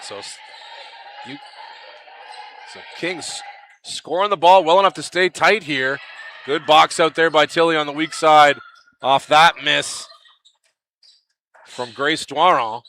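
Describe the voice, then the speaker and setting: A man calls a basketball game live from an arena broadcast position. His voice is fairly high and very bright, and his delivery is chatty and lively, rising into excited calls on big plays. A faint background hiss sits under his voice. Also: slow pace, pauses often. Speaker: play-by-play commentator.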